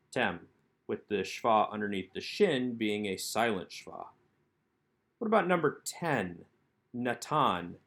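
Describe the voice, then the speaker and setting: A man teaching a recorded Hebrew workbook lesson. His voice sits at an ordinary middle pitch. He explains each exercise methodically and sounds out the words syllable by syllable. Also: fairly bright tone. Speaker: Hebrew instructor.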